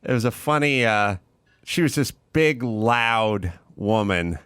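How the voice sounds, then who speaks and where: A middle-aged man hosting a casual chat, an animated storyteller who loudly imitates other people. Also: medium pitch, slow, smooth, no echo, studio quality. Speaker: podcast host.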